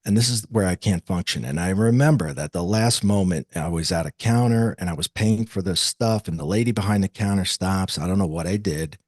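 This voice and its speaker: A man's voice: deep voice, fairly quick, few pauses, a little mellow, dry recording, clean studio sound. A man, as an interview guest, telling a personal story in an earnest, confessional way and acting out the dialogue.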